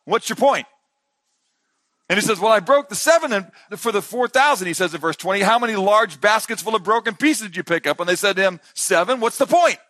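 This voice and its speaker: Casting: male pastor with a high, bright voice, dry close sound, lively sermon delivery. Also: fairly quick, no room sound. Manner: animated preaching, voices Jesus and disciples in quotes, drops to hushed emphasis. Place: conference hall.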